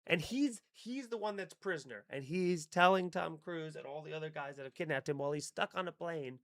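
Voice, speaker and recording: A man hosting a live stream, chatting casually and excitably with his viewers and swearing freely. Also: fairly high pitch, normal speed, dry recording, clean studio sound.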